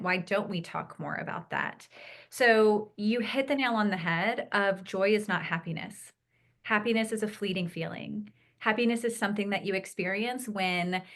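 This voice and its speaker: A woman speaking as a podcast guest with a bright, forceful voice. She tells stories with animated enthusiasm, then eases into a calm, soothing delivery when she talks about peace. Her tone is conversational throughout. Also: mid-range voice. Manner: animated storytelling, acts out excited quotes. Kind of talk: conversational interview.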